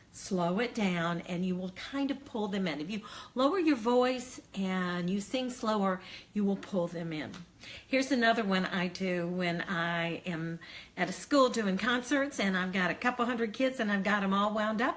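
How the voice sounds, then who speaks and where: An older woman, an early childhood educator, giving friendly, encouraging classroom tips between slow, singsong chant demonstrations. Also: medium pitch. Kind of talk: teacher training demonstration.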